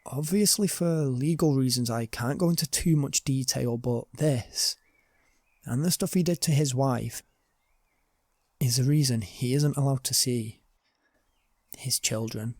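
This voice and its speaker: A British man reading true horror stories aloud as a narrator, in a slow, hushed way that drops low at tense moments. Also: no echo. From Britain. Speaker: storyteller.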